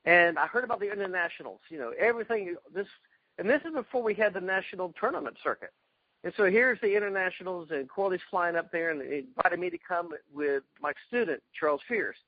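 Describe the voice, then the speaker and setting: A man being interviewed, telling excited stories about past fights and acting out quotes. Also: high-pitched, fast talker, no room sound, muffled recording. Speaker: guest, karate fighter. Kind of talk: animated storytelling interview.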